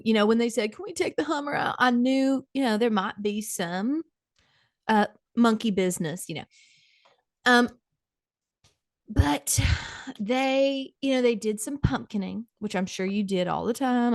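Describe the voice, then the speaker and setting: Gossipy woman podcast host, gravelly voice. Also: a little high, lively intonation, moderate pace, dry recording, studio quality. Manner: gossipy, dramatic, talks to her co-host. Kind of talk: comedic storytelling monologue.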